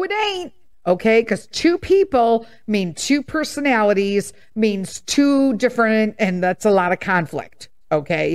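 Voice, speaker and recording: Lively, blunt woman in her fifties. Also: mid-range voice. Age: 50s. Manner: blunt, animated storytelling with laughs and sass. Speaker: podcast host. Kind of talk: candid casual monologue.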